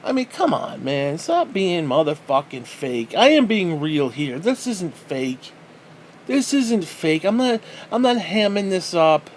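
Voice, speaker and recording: A man's voice: high-pitched, very animated, unhurried, slight background noise. A man hosting a podcast, ranting angrily and bitterly with lots of swearing. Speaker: podcast host. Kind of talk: angry profane rant.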